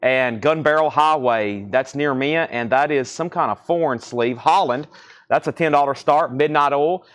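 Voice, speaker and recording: A man's voice: medium pitch, moderate pace, a bit bright. A man with a Southern US accent hosting a live-stream record auction, chatty and rambling as he reads out titles and prices. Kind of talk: live-stream sales patter.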